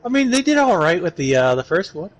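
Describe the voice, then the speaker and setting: A man's voice: high voice, big pitch swings, fast, rough recording. A man chatting on a gaming stream, rambling through long explanations over voice chat. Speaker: streaming guest.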